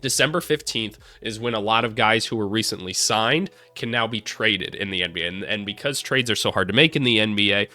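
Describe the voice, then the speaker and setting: Male sports host, sick and worn-sounding voice, bright tone, loose slangy chatter, lots of fillers. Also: fairly low pitch, a little fast, few pauses, soft background music. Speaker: basketball channel host. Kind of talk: casual sports commentary.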